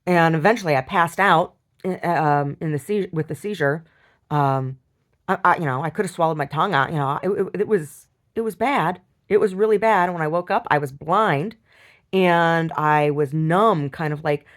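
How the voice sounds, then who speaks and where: A woman telling a personal story in a video diary, upset, rambling and halting with many restarts and repeated words. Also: low voice. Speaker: video diarist.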